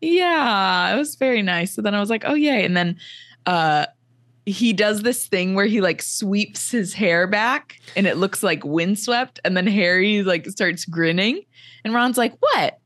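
A woman's voice: medium pitch, expressive, fairly bright tone, no echo. Chatty woman podcast host, dry sound. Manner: chatty, laughs often, heavy use of "like"; acts out characters' lines in a quick retelling. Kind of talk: casual chat recapping a book chapter.

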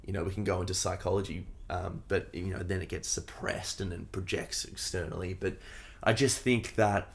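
A man hosting a podcast in casual chat, talking in a lively, quick way and acting out examples. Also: low-pitched, gravelly. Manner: animated, quick, acts out examples. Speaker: podcast host.

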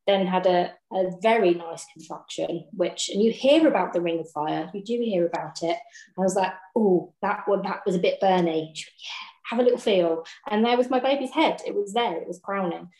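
A woman's voice: on the low side, moderate pace. A woman telling her birth story in casual chat, laughing often and acting out what people said. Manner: lively, laughs often, acts out dialogue. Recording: roomy echo.

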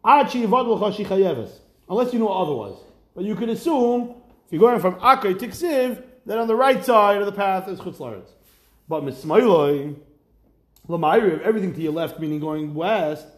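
A man teaching a Talmud class, lively and questioning, mixing Hebrew and Aramaic terms into his English. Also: high-pitched, moderate pace, reverberant.

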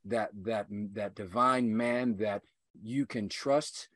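A man's voice: fairly low pitch, slow, fairly bright tone, no room sound, clean studio sound. A man guesting on a podcast as an inspirational speaker, talking earnestly with rousing, repetitive emphasis. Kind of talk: earnest motivational conversation.

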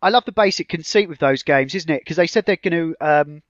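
A man's voice: on the high side, fairly quick, dry recording, lo-fi sound. A man co-hosting a podcast, chatting casually about video games, hesitant and full of fillers. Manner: hesitant, many fillers and restarts. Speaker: podcast co-host. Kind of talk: casual chat.

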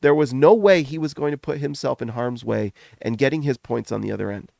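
A middle-aged man hosting a sports podcast, gushing in animated, rapid runs of casual commentary while still foggy from a recent illness. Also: medium pitch, gravelly, no room sound, clean studio sound. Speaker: podcast host.

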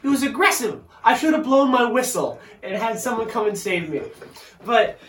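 Animated high-voiced man telling a story. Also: normal speed. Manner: animated storyteller, acts out quotes, laughs often. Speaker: co-host telling a work story. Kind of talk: casual chat. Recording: roomy echo, far from the mic, faint noise.

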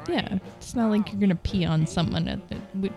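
A woman in her thirties co-hosting a casual chat, relaxed and rambling, laughing often. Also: medium pitch, brisk, gravelly, faint music behind. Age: 30s. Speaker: podcast co-host.

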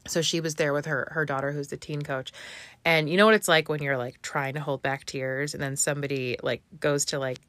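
Low-voiced mom rambling through a heartfelt story, lots of likes and restarts, dry close sound. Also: female voice, fairly even intonation, a little fast, fairly bright tone, no echo. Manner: chatty, heartfelt, many "like" fillers and restarts. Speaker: vlogger, mother. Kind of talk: casual personal storytelling.

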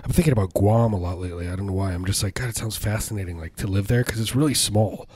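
A man co-hosting a podcast, riffing in deadpan, absurd casual banter. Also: lowish voice, fast talker, slightly rough, dry recording, studio quality. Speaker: podcast co-host.

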